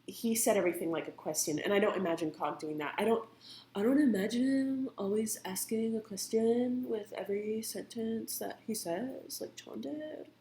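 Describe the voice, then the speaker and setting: A woman's voice: mid-range voice, normal speed, warm tone, a little hiss or hum, poor audio. A woman drawing live on stream, chatting playfully and thinking aloud about characters. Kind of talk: casual chat.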